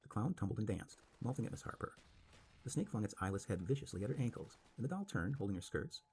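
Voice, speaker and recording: Gravelly, expressive male storyteller. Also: lowish voice, quick pace, slight background noise. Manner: dramatic, expressive reading. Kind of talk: scripted story narration.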